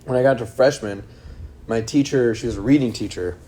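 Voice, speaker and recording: A man's voice: medium pitch, a little fast, mellow. Young man telling a rambling story. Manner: rambling, acts out quotes, swears freely. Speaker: podcast co-host. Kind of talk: casual storytelling among friends.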